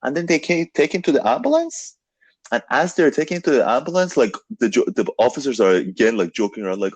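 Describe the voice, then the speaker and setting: A young man hosting a casual podcast chat, telling a story in an animated way, full of "like" and "dude". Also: mid-range voice, fairly quick, slightly rough, dry recording. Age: young adult. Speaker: podcast host.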